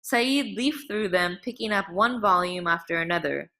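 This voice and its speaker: A woman reading a novel aloud as an audiobook narrator, in a measured, dramatic way. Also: mid-range voice, pushed and bright.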